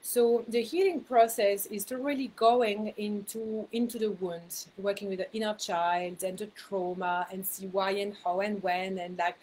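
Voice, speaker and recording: A woman's voice: medium pitch, steady tone, a little slow, hardly any pauses, darkish tone, poor audio. A woman speaking as a spiritual mentor, giving a casual talk to her viewers in a chatty way, laughing at herself and repeating words for emphasis.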